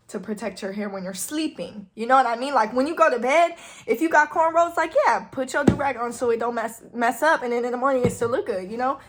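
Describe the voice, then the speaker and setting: Young female vlogger; casual, chatty delivery, on the higher side. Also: a bit bright. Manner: chatty, heavy use of "like". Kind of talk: casual storytime.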